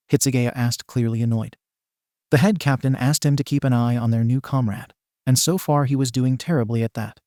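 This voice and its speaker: A man reading a fan fiction story aloud in an even, measured narration. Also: medium pitch, no room sound, studio quality.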